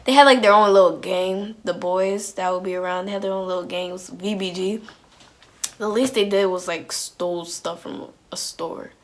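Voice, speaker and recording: A woman's voice: lowish voice, fairly even intonation, moderate pace. New girl doing a storytime vlog, slangy, lots of likes, restarts all over. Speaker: vlogger.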